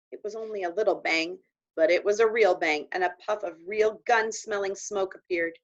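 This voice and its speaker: A woman reading a children's novel aloud in an expressive storytelling voice. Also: mid-range voice, moderate pace. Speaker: audiobook reader. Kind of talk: children's book read aloud. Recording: dull lo-fi recording.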